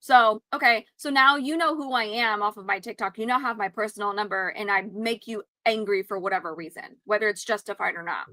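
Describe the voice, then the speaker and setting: A woman's voice: medium pitch, a little fast, few pauses, sharp tone, no room sound. A woman co-hosting a casual chat show, talking in an emphatic, outspoken way and swearing freely. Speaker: podcast co-host.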